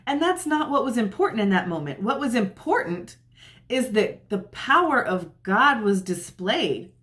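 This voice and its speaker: A woman's voice: fairly high pitch, sing-song, unhurried, fairly bright tone. A woman retelling a Bible story in a chatty, casual way, often saying "like" and acting out what the characters say. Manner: chatty, uses "like" often, acts out quotes. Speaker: Bible teacher.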